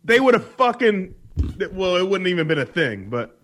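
A man's voice: high-pitched, sing-song, moderate pace, a bit bright. A man co-hosting a radio show, blunt and profane in casual banter.

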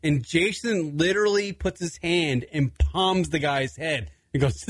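A man's voice: fairly high pitch, normal speed, no room sound. A young adult man hosting a radio talk show, telling a long story casually, swearing freely and laughing as he goes. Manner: animated, swearing often, laughing through the story.

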